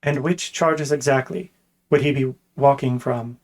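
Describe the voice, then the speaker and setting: Brief: composed, coolly stern male guard captain, read by a man, level and unhurried. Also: fairly high pitch, natural voice. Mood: calm. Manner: flat, measured, unhurried delivery.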